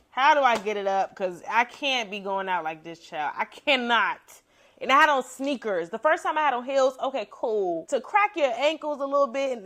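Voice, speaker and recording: A woman's voice: mid-range voice, a bit bright. A young woman podcast host telling a story in a casual, slangy way, acting out quotes with big jumps in her voice.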